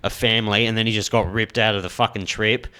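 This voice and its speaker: A man's voice: fairly low pitch, steady tone, fast talker, sharp tone. A man hosting a podcast, retelling stories loosely and swearing often. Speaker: podcast host. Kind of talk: casual podcast chat.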